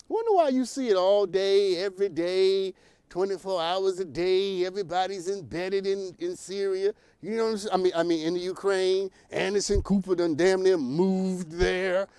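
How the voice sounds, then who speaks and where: A male talk show host from New York, delivering opinionated commentary in a fairly high voice. He speaks straight to his audience and breaks into laughter at his own points. The studio sound is dry and close. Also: normal speed, mellow, clean tone, dry recording.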